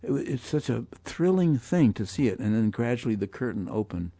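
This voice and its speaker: An older man, a guest musician, telling animated anecdotes in an interview and voicing the people he quotes. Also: mid-range voice, a little fast, no echo. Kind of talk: storytelling interview.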